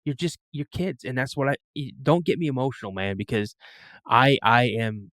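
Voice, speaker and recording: A middle-aged man telling personal stories as a podcast guest, animated and full of restarts and fillers. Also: mid-range voice, moderate pace, no room sound. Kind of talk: casual storytelling in an interview.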